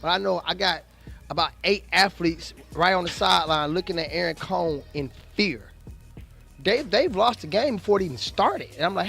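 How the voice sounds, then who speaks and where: A high-pitched, gravelly man hosts a local sports show. He talks bluntly and animatedly, piling up restarts and slang. Faint music plays behind him. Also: lively intonation, a little fast, a bit bright. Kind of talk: casual sports commentary.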